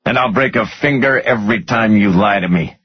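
A man's voice: on the low side, brisk, slightly rough, voice pushed up. A man voicing a hard, menacing tough man who speaks bluntly and coldly. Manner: cold, blunt, threatening. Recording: muffled lo-fi audio.

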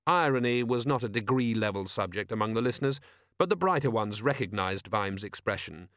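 A man narrating an audiobook in a measured, wry delivery. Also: lowish voice, lively intonation, fairly bright tone, no room sound, clean studio sound. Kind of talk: scripted narration.

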